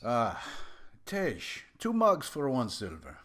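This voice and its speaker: Ein Mann als dröhnender, fröhlicher Wirt. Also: male voice, huge pitch swings, slow pace, fairly bright tone, full character voice. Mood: jovial. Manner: booming, boastful innkeeper cheer. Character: jovial male tavern keeper.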